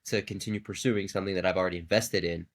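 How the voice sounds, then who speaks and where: Low-voiced man musing reflectively. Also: fairly even intonation, racing. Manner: reflective, searching for words. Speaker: podcast guest, musician. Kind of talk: casual chat.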